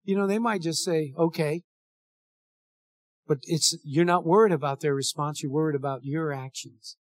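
A man's voice: a little high, fairly even intonation, moderate pace, no room sound, studio quality. A male pastor preaching a sermon and leading a prayer, earnest and pleading, often repeating his words.

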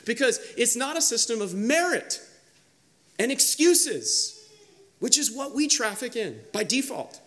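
A male pastor preaching a sermon, emphatic and animated, acting out the quoted voices he reads from. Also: very high voice, measured pace.

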